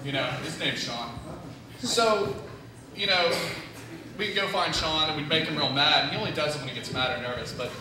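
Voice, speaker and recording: A man's voice: fairly high pitch, normal speed, noisy background. A young man from Tennessee doing a nervous first-time stand-up set, rambling with lots of "you know" fillers. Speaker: stand-up comedian. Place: comedy club stage. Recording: echoey room from far off, crowd audible. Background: audience laughing.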